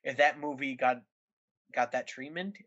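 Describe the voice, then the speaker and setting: A man's voice: mid-range voice, a little slow, a bit bright. A young man co-hosting a casual podcast, wired and playful, full of goofy jokes. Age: young adult. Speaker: podcast co-host. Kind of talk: casual chat. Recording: dull lo-fi podcast audio.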